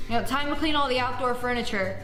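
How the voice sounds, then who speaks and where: Bubbly high-voiced woman, echoey clip. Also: fast talker. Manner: bubbly, exaggerated enthusiasm, giggly. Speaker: online video creator. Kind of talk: upbeat social media voice-over. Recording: echoey clip over background music.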